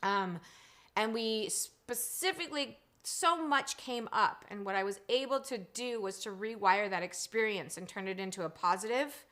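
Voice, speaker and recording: A woman in her forties hosting a casual live stream, chatty and reading out viewer comments, swinging between animated and hushed talk. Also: medium pitch, normal speed. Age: 40s.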